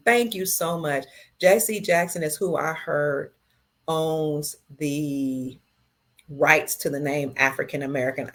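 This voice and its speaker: A middle-aged woman with a low voice hosts a casual livestream. She reads viewer comments aloud one by one and answers each in a slow, tender way. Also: a bit bright.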